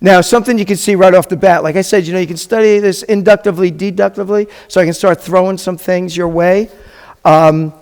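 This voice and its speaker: A man teaching a beginners' language class, chatty and patient, often quizzing the room. His voice sits a little high for a man. It rings with the long reverb of a classroom. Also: fairly even intonation, fairly quick, darkish tone, smooth. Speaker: rabbi teaching a Hebrew class. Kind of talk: classroom teaching with questions to students.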